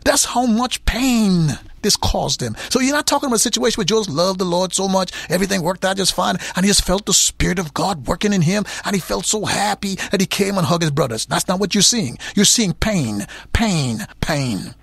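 High, lively male preacher with gravelly edges. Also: fairly quick, hardly any pauses, no echo. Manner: emphatic Bible teaching, repeats words for effect. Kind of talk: sermon.

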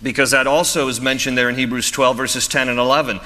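A man's voice: mid-range voice, flat delivery, fast, bright, forceful tone, long reverb tail. A man preaching a sermon as pastor, storytelling with humor and frequent chuckles.

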